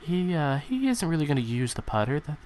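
A man putting on the voice of a timid male golf announcer, speaking quietly and close to the microphone with hesitant fillers. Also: on the high side, sing-song, fairly quick, slight background noise. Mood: hushed deadpan. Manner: whispery, close to the mic, hesitant.

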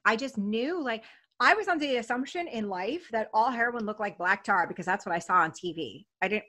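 Woman, bright sharp voice, blunt casual storyteller, swears freely. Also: on the high side, lively intonation, fairly quick. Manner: blunt, swears freely, acts out quoted dialogue. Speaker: interview guest.

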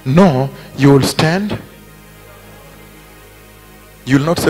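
A man preaching a sermon at a conference, repeating his phrases emphatically and building to shouted peaks. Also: mid-range voice, slow pace. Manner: emphatic and repetitive, rising to shouted climaxes. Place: large conference hall. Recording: reverberant hall with faint music.

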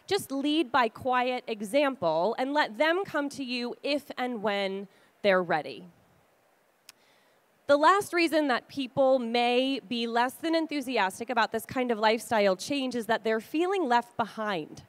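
High-voiced woman giving a chatty talk. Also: dry recording. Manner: chatty, acts out quoted dialogue. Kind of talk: conversational advice talk.

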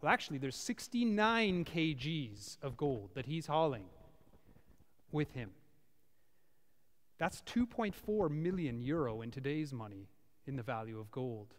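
A male pastor preaching a sermon to a small congregation in a church, with a dramatic delivery that swings from loud to hushed. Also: on the high side, expressive, measured pace, pauses often. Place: church, before about fifty people. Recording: reverberant church hall.

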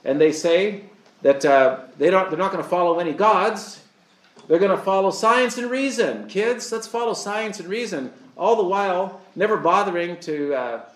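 Earnest preacher man, echoey room. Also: high-pitched. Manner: earnest, asks the audience rhetorical questions. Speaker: pastor. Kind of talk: sermon.

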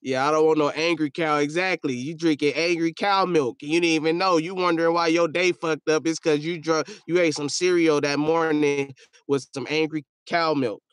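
A man's voice: a little high, steady tone, moderate pace, clear, resonant tone, no echo, clean studio sound. A man hosting a casual livestream, reading viewer comments aloud in a loose, joking and profane way, often trailing off into a mumble. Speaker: livestream host.

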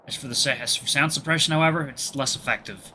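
A man hosting a gaming video, reading a visual novel aloud with relaxed, chatty asides. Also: medium pitch, fast talker, a little hiss or hum.

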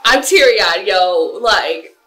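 A young woman chatting casually and excitedly as she reacts to a music video, full of "like" and "yo". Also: mid-range voice, slow pace. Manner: expressive, animated, lots of "like" and "yo". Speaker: K-pop reaction vlogger.

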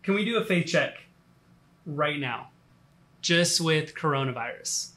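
Relaxed man preaching casually. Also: fairly high pitch, unhurried. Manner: relaxed, talks in fillers and restarts. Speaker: pastor. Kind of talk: conversational sermon.

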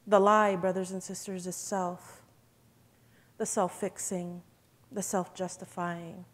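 A woman's voice: on the low side, level tone, slow. Woman giving an earnest church testimony. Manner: earnest, emotional, addresses listeners as brothers and sisters. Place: event hall.

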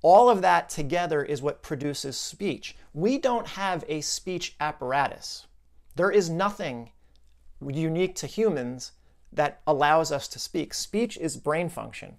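A man with a somewhat raised pitch explains a client's case to viewers in an educational video. He talks in a loose, conversational way, thinking aloud with asides and restarts. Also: lively intonation, a little slow, vocal fry.

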